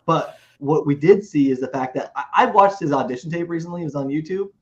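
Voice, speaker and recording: Guy co-hosting a recap show, kinda high voice, animated, keeps restarting, muffled lo-fi audio. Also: fast talker, slight background noise. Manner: animated, restarts and repeats himself. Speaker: podcast co-host. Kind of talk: casual chat. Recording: muffled lo-fi recording.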